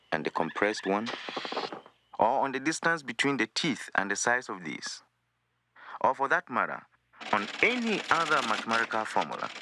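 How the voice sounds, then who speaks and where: Pompous professor type, low voice, lecturing, noisy old film sound. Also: male voice. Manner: solemn, lecturing. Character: pompous male professor of measurements. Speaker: expert interviewee. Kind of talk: mock-documentary acting.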